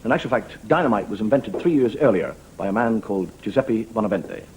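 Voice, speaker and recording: Man, irish accent, stand-up comedian, wry, chuckling, lively pitch. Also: brisk, slight background noise, rough recording. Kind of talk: stand-up monologue.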